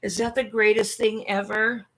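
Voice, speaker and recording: A woman hosting a casual livestream chat, talking earnestly and haltingly with frequent restarts. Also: mid-range voice, flat delivery, a bit bright, a little hiss or hum. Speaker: livestream host.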